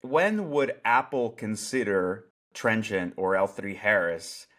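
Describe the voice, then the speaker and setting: A man co-hosting a security podcast in casual chat, animated and profane, often restarting his sentences. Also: on the low side, slow pace. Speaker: podcast co-host.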